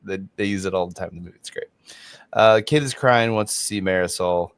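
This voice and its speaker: A man's voice: low voice, a little fast, clean tone, no echo. A man hosting a podcast, chatting casually about an old movie, laughing often and making jokey asides. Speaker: podcast host.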